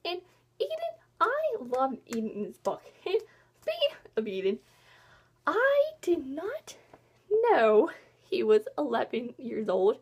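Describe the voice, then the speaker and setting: High, lively woman gushing about books. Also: slow pace, husky. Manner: gushing, excitable, rambling; animated swings between loud and soft. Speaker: book vlogger. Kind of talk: casual book review chat.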